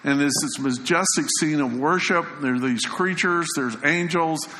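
A male pastor delivers a sermon in an easy, conversational way, sometimes sinking into a softer tone to stress a point. His voice is bright and forceful. It rings out through a church hall with a long echo and a faint hum of ambience behind it. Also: a little high, normal speed. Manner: conversational preaching, quoting scripture, dropping softly for emphasis. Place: church sanctuary.

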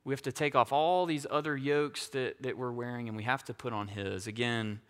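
A man's voice: mid-range voice, steady tone, fairly quick, clear, resonant tone. A male pastor giving a conversational sermon, often checking in with his listeners. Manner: conversational, self-deprecating, asks "right?" often. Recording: hall reverb.

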